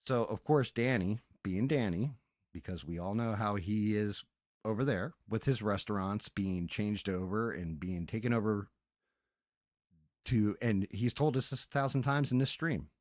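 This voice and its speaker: Male streamer, lowish voice, dry headset sound, profane exasperated rant. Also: unhurried, a little mellow, no echo. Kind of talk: casual ranting stream chat.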